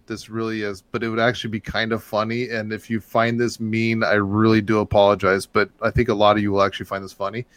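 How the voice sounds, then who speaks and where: A man telling a long story in casual chat, rambling and getting loud and animated as it builds. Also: medium pitch, no echo. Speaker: podcast host telling a story.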